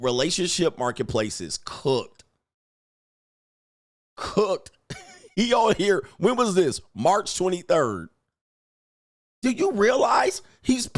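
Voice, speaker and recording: A man ranting casually on a livestream, animated and emphatic, laughing and repeating himself for emphasis. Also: high-pitched. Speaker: dating commentary streamer.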